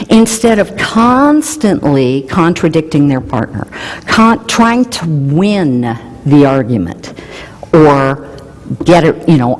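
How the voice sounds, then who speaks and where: A woman explaining relationship research in an animated way, mixing in playful personal anecdotes. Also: on the low side, slow, in a large hall. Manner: animated, warm storytelling with playful emphasis.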